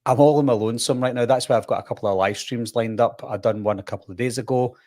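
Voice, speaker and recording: A man's voice: medium pitch, quick pace, mellow. A man from the in his thirties, hosting a casual live-stream chat, talking in a chatty, rambling way and laughing easily. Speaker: host.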